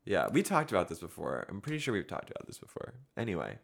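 A man's voice: sits low, quick pace, creaky. A young man co-hosting a podcast, telling a story with plenty of laughter. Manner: animated, laughs often while telling a story. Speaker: podcast co-host. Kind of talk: casual chat, storytelling.

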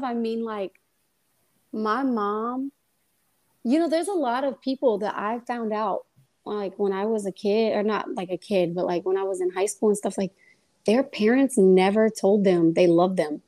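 A young woman, a guest on a faith podcast, tells a personal testimony in a lively, casual way and acts out the voices in her story. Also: medium pitch, unhurried.

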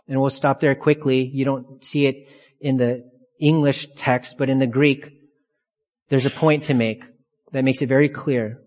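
A man of middle pitch delivers a verse-by-verse sermon, slow and emphatic, leaning on repeated phrases. His voice rings with the long reverb of a large church hall. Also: fairly even intonation, darkish tone. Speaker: pastor. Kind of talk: expository sermon.

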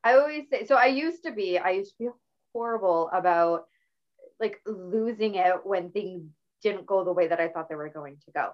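A middle-aged woman hosts a casual talk show, swapping stories in a chatty, animated style punctuated by laughter. Her voice sits in the mid range at a normal speed, and the slightly dull lo-fi recording suits this relaxed, conversational interview.

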